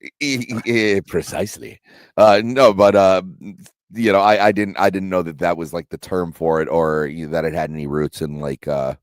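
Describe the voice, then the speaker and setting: A man co-hosting a casual podcast with deadpan, mock-solemn jokes. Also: sits low, moderate pace, clean tone, dry recording. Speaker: co-host. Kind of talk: casual chat.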